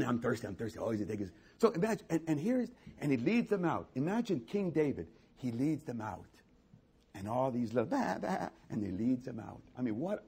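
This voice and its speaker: Husky, animated preaching man. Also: mid-range voice. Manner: animated preaching with acted-out voices and rising emphatic repetition. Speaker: pastor. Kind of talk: sermon.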